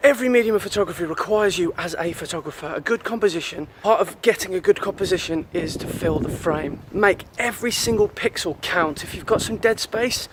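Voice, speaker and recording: A man's voice: sits high, brisk, hardly any pauses, noisy background. A man in his thirties, a photographer talking to camera in a casual, upbeat and rambling way, outdoors by the sea. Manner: chatty, upbeat, rambling with restarts. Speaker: photographer vlogger. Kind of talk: casual vlog talk to camera. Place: outdoors by the sea, then in town.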